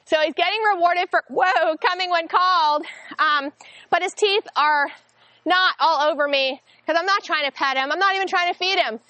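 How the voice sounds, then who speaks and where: A woman's voice: moderate pace, dry recording. A woman dog trainer giving a friendly, explanatory training demonstration. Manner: friendly, explanatory, breaks into bursts of high, excited praise.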